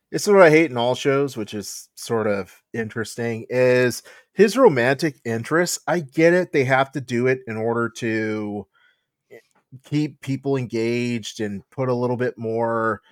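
A man's voice: mid-range voice, expressive, normal speed, dry recording, studio quality. A man co-hosting a podcast in casual chat, giving frank, opinionated takes. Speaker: podcast co-host.

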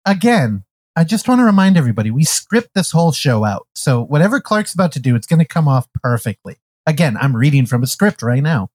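A man's voice: on the high side, sing-song, brisk, a little mellow. A man co-hosting a podcast in casual chat, teasing the others, swearing and laughing often. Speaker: podcast co-host.

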